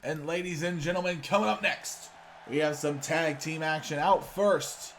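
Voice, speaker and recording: A man giving play-by-play wrestling commentary for a video game series, with excitable announcer hype. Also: fairly high pitch, normal speed, slight background noise.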